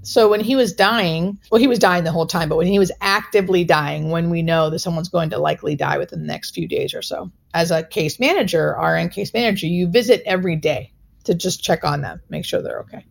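A woman hospice nurse speaks in a somewhat low voice with a gravelly edge. She tells a personal story earnestly and with feeling, leaning on casual fillers as she goes. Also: fairly quick. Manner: earnest, emotional, frequent "like" fillers.

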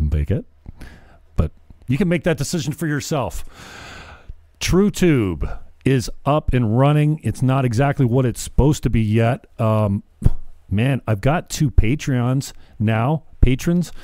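A man's voice: on the low side, warm tone, no echo. A middle-aged man hosting a casual podcast chat, earnest and prone to repeating his words as he restarts sentences. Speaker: podcast host.

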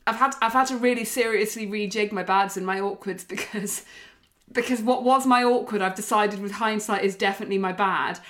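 A young woman co-hosting a podcast, chatting casually and telling stories with lively swearing. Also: mid-range voice, fairly quick. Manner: chatty, swears freely, animated storytelling. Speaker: podcast co-host. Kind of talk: casual chat.

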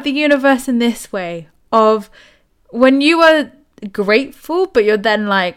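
A woman's voice: a little high, expressive, a little slow, clean tone. Chatty, enthusiastic young woman. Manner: chatty, enthusiastic, acts out quoted voices. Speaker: spiritual author and podcast host. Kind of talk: casual motivational talk.

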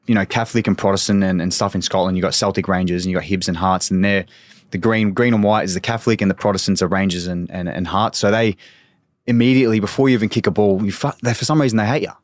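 Deep and fairly even in intonation, he speaks at a quick pace, recorded dry with studio quality. He's an ex-footballer from Australia in his thirties, swearing freely as he tells anecdotes on a casual podcast and quoting people in their own voices.

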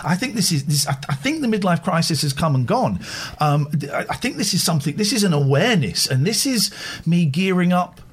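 A middle-aged man hosting a casual chat, his voice husky and his pitch swinging widely. He talks openly and emotionally, rambling as he goes. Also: sing-song, brisk. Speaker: host.

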